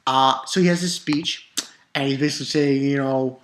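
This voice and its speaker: A woman with a notably low voice reviews a manga chapter for her channel. She talks in a loose, excitable ramble, swears freely and restarts her sentences often. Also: normal speed, slight background noise. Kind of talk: casual video review.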